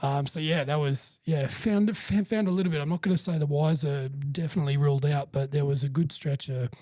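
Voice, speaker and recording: A man's voice: on the high side, steady tone, brisk, mellow, no room sound, clean studio sound. A man, co-hosting a podcast and rambling through a story in casual, sweary chat. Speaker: podcast co-host.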